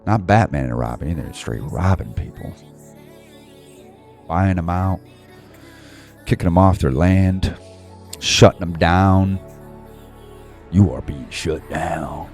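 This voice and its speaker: Hosting an online Bible study, this man rants heatedly and rambles in slang, laughing to himself between points. His voice is low, gravelly, and a little mellow.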